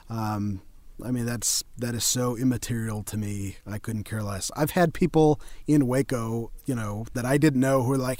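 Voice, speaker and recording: A man's voice: medium pitch, steady tone, normal speed, a little mellow, no room sound. A young man, a voice actor, chatting casually as an interview guest; self-deprecating, laughs easily and slips in and out of voices. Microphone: home studio.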